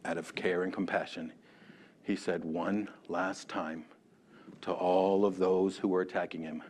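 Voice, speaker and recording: Low-voiced man teaching Sunday school. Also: measured pace, slight background noise. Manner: animated, chatty, calls on class members by name. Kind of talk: conversational sermon. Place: church classroom.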